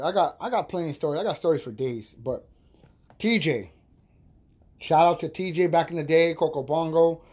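On a podcast, a man with a voice high for a male tells a rowdy story in a loose, casual monologue full of profanity and laughter. His tone is soft, mellow, and slightly rough rather than sharp, and his delivery is animated.

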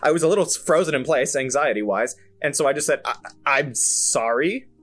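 A man's voice: on the high side, fast, faint music behind. Young man telling a story. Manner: animated, self-amused, many fillers and restarts. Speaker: podcast host. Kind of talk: casual solo storytelling.

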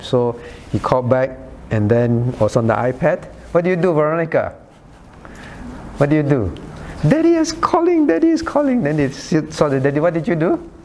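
Pastor teaching, calling on listeners by name. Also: male voice, on the high side, a little mellow, slight background noise. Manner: rhetorical "right?" checks. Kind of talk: sermon-style Bible study.

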